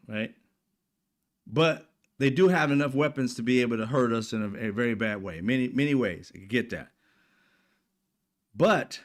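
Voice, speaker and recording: Male commentary host, mid-pitched, blunt and profane, with animated asides and quick bits acting out other people. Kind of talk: casual political commentary.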